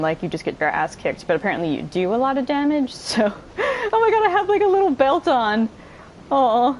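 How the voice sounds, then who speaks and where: A woman giving let's play commentary, excitable and giggly, swearing freely and chatting to her viewers and to enemies on screen. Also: medium pitch, slight background noise, low-quality recording. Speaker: gamer streamer.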